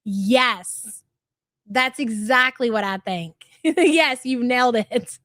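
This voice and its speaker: A woman's voice: on the high side, slow, fairly bright tone, no room sound, clean studio sound. A woman in her thirties with a light American country twang, hosting a livestream and reading out viewer chats in a brash, profane, sarcastic way. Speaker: livestream host.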